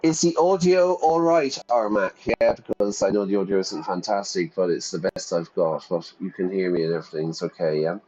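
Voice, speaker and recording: A man's voice: low-pitched, normal speed, few pauses, darkish tone, lo-fi sound. A man, a teacher who rambles casually to viewers while reading game text aloud on a stream. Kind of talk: casual game let's play.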